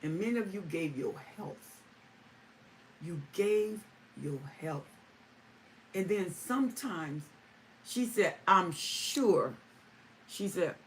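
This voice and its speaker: A woman hosting a live stream answers viewer comments in a medium-pitched voice at a measured pace, pausing often. She's emphatic and repeats phrases for stress, recorded on a distant mic with faint ambient noise.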